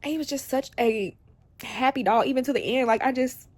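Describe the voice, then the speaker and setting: A woman's voice: sits high, a little fast, no room sound. A young woman, talking to camera at home through tears, rambling and confiding in her viewers. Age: young adult. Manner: tearful, rambling, speaks straight to viewers. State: crying on and off. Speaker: vlogger. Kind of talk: emotional confiding chat to camera. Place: at home, indoors.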